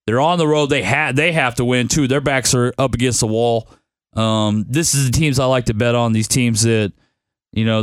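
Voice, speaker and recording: A man's voice: mid-range voice, clean tone, no room sound. Tired, grumbling young man. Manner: laid-back, grumbling, tired. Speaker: podcast host picking football bets. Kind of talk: casual sports-betting podcast chat.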